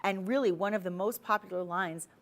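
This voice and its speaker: A woman hosting a TV shopping channel, giving a chatty, persuasive sales pitch full of asides from a studio. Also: a little fast.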